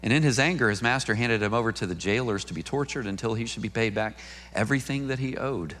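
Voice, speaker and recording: A man's voice: medium pitch, expressive, a little fast, sharp tone. A male pastor preaching a sermon in a conversational, storytelling way, repeating key lines for emphasis.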